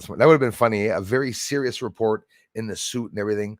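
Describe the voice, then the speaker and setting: Low-voiced chatty man hosting a live stream. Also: fast, dry recording, studio quality. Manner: chatty, greets viewers by name, jokey asides; rambling with many fillers and restarts. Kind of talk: casual live-stream chat.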